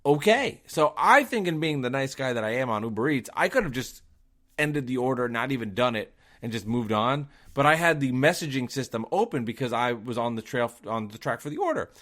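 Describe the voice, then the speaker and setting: A man telling a story on his own podcast in a worked-up monologue. His voice sits in an ordinary middle range. He fires off rhetorical questions and swings from loud outbursts to quiet, muttered asides. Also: medium pitch, expressive, brisk. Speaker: podcast host and delivery driver.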